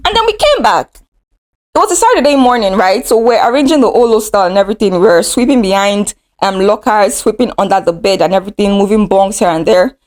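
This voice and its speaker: A woman's voice: medium pitch, brisk. A young adult woman with a Nigerian accent, casually telling a dramatic story from her own life. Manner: animated, dramatic retelling. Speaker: vlogger.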